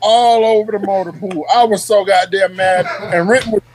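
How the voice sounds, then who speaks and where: High-voiced man telling salty stories. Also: normal speed, noisy background. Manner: profane, animated, laughs as he tells stories. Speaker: guest, Army veteran. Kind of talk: casual storytelling.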